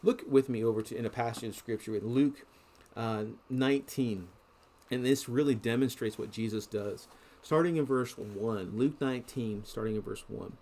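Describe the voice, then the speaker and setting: A man's voice: medium pitch, normal speed, dark tone. A middle-aged man preaching a sermon in an earnest, conversational way, restarting phrases often.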